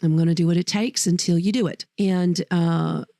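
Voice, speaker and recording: A woman's voice: fairly low pitch, steady tone, normal speed, gravelly, warm tone, no echo, studio quality. A woman teacher and podcast host telling personal stories in a heartfelt, rambling way, often correcting herself mid-sentence. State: choked up. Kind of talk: personal storytelling.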